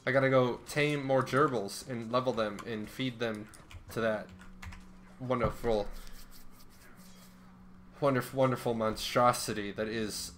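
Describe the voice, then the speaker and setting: Commenting casually on his gameplay, a young streamer rants with animation and curses heavily. He speaks at medium pitch, a little slowly and with frequent pauses, over a slight hiss or hum.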